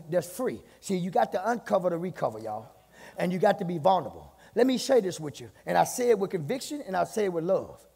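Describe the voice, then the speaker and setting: A male pastor preaching from the pulpit, repeating phrases and building to shouts. His voice sits high and has a gravelly, husky edge. It rings with the long reverb of a church hall. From United States. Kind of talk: sermon. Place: church sanctuary.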